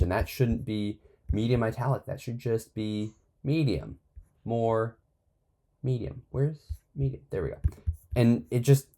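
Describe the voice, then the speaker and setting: Low-voiced man teaching casually. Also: darkish tone. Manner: conversational, thinking aloud with frequent restarts. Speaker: copywriting course instructor. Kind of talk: casual screen-share tutorial.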